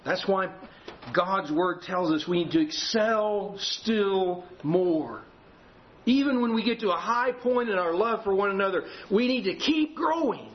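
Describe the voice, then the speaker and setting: A man's voice: high voice, expressive, measured pace. A man preaching a sermon to his congregation, telling a story with acted dialogue. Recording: muffled lo-fi recording with faint room ambience.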